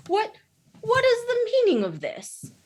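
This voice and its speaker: A woman's voice: very high voice, wildly swooping pitch, unhurried, slight background noise, voice pushed up, full character voice. A woman voicing a jolly, kindly old Santa Claus. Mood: surprised.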